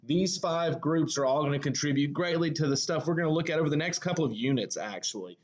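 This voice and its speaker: A man's voice: a little high, quick pace, lo-fi sound. Southern-accented male teacher lecturing casually. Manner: conversational, many fillers and self-corrections. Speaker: high school English teacher. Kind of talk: recorded classroom lecture.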